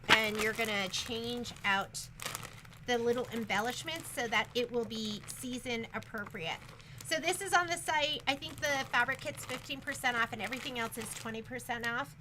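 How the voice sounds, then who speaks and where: A woman's voice: on the high side, moderate pace, noisy background. A woman who teaches sewing, giving a chatty, rambling shop update in an upbeat way.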